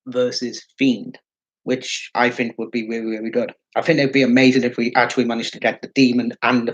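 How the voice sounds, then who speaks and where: A man's voice: mid-range voice, muffled recording. A man giving casual solo commentary as a wrestling fan vlogger, rambling and swearing, with lots of fillers.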